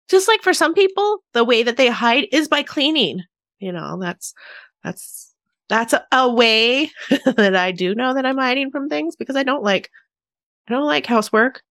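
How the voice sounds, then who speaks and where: A woman hosting a casual solo podcast, chatty, laughing often and swooping up and down in pitch. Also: a bit bright, no echo, studio quality. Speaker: podcast host.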